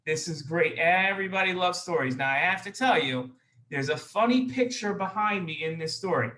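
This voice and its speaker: A man's voice: high-pitched, lively intonation, normal speed, sharp tone. A man hosting a children's show, telling a story to kids in an upbeat, reassuring way. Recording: echoey room.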